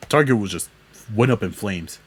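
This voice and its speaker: Young man, podcast host, low voice, husky, rambling, profane, laughs a lot. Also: expressive, moderate pace. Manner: rambling, profane, laughs often, voice jumps high when exasperated. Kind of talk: casual solo storytelling.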